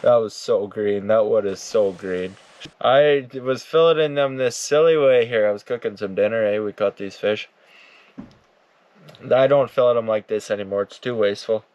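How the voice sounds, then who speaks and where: A man's voice: on the low side, moderate pace, darkish tone. A man giving casual, rambling commentary as he reacts to his old videos, laid-back and swearing often. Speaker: outdoors YouTuber.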